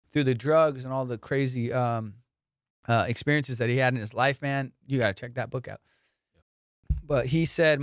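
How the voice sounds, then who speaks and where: A man hosting his comedy podcast in casual chat, telling profane, animated stories and laughing often. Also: medium pitch, smooth, no echo, studio quality.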